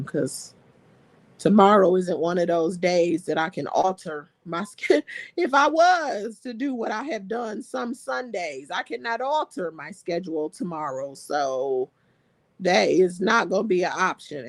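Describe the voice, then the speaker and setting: Gravelly-voiced woman live stream host. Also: on the low side, dry recording. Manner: chatty, laughs often, reads comments aloud. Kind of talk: casual live stream chat reading viewer comments.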